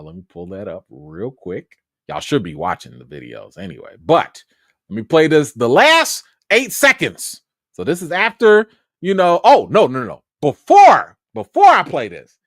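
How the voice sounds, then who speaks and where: A man from Chicago hosting a film livestream, with a voice that swings widely in pitch as he tells a story. He is excitable and animated, and the sound is close and dry with almost no room echo. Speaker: film critic and livestream host.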